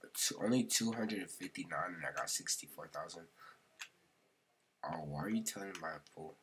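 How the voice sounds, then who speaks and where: A man's voice: low-pitched, a little fast, a bit bright, slight background noise. A man narrating his gameplay casually, slangy and chatty, often muttering or whispering to himself. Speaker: gaming video creator.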